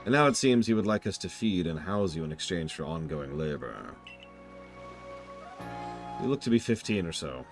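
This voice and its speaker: A man voicing a stern male captain of a survey corps in a video game, speaking in a measured, formal and aloof way. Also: low voice, animated, over music, voice pushed down.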